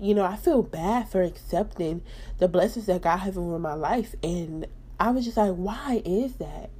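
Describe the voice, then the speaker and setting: A woman's voice: on the low side, mellow, husky. A young woman hosting her own podcast, talking candidly and emphatically about her faith and personal life. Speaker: podcast host.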